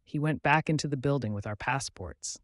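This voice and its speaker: A man reading a novel aloud in the first person, with measured, clear narration. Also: medium pitch, fairly bright tone, no echo, clean studio sound. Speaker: audiobook narrator.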